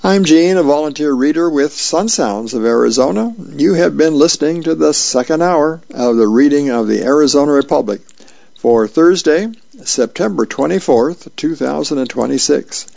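A man volunteer reader reading comic strips and birthdays aloud in a slow, unhurried way with small fillers and restarts. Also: a little high, gravelly, darkish tone, no room sound, dull audio.

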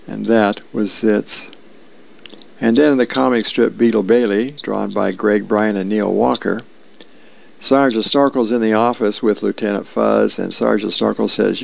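A man's voice: steady tone, unhurried. A male radio host casually reading comic strips aloud, acting out the characters' lines. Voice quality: gravelly. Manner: acts out character lines with raised pitch.

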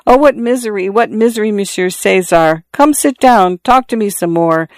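A grief-stricken young mother pleads in a raised, higher voice, put on by an audiobook reader. The tone stays smooth and clear, and the recording is close and dry. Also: moderate pace, dry recording, lightly acted. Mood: grieving. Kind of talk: audiobook character reading.

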